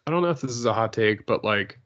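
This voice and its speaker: Halting man in casual chat. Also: on the low side, lively intonation, fairly bright tone. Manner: halting, many fillers and restarts, laughs often. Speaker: podcast co-host. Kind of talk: casual comic-book chat. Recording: dull lo-fi sound.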